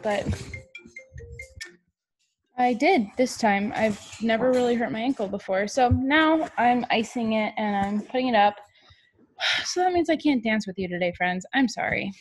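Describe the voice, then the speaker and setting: A woman's voice: on the high side, expressive, normal speed, pauses often, soft background music. A young woman teaching a video class to young children, cheerful and encouraging, singing along and spelling words.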